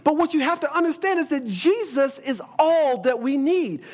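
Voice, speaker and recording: A man's voice: very high voice, expressive, normal speed. A man preaching a sermon, emphatic, often repeating words as he builds a point and quoting scripture.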